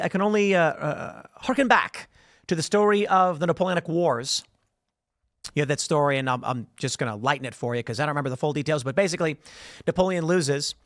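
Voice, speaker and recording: Male political show host, slightly high voice, dry close sound, rambling delivery with repeats. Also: fairly bright tone, no echo. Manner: rambling, repeats words, reads headlines aloud. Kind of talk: solo news commentary.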